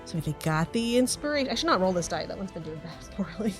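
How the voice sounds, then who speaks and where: A woman running a tabletop role-playing game as game master, narrating in a relaxed, chatty way with giggles. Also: on the low side, fast talker, soft background music.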